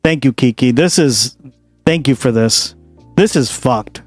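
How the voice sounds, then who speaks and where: A man's voice: medium pitch, unhurried, soft background music. Profane, laughing male streamer. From Boston. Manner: profane, animated, laughs a lot. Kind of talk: casual reaction stream chat.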